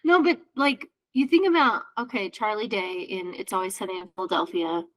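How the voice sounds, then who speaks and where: A woman's voice: mid-range voice, a little fast, rough recording. A young adult woman co-hosting a podcast, talking in a playful, laughing, casual way. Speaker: podcast co-host. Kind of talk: casual chat.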